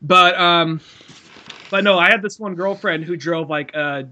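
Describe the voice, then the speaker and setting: A man's voice: high-pitched, unhurried, sharp tone, highs cut off. A man co-hosting a podcast, telling rambling stories in casual chat, swearing freely and laughing often. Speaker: podcast co-host.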